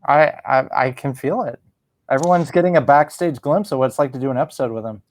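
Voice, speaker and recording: A man's voice: medium pitch, fast talker, no echo. A man joking around as a contestant in a casual trivia game, self-deprecating and chatty. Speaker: podcast host, contestant.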